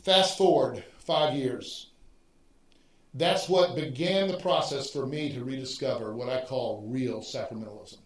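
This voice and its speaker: A man, a pastor, giving a teaching sermon and thinking aloud with restarts and animated emphasis. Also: medium pitch, a little slow. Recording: roomy echo.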